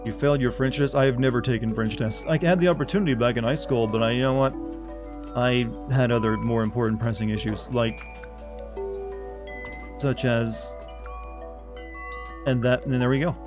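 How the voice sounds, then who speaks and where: A man's voice: mid-range voice, fairly even intonation, moderate pace, pauses often, over music. A man streaming a video game live, rambling casually, chuckling, and fumbling as he tries out pronunciations.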